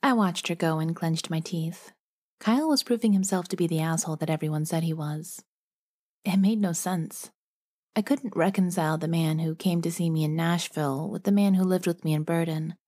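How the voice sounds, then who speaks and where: Low-pitched female narrator for first-person audiobook, steady storytelling. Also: moderate pace.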